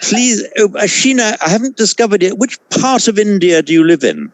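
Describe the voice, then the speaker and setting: Lively, animated man teaching Sanskrit. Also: sits high, dry recording. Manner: measured, explanatory, with frequent self-corrections. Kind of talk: online class lecture.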